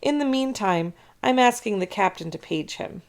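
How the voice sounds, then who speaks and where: A woman voicing a patient, kindly schoolteacher who chides gently in a storybook read-aloud. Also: medium pitch, expressive, normal speed, natural voice. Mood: gentle.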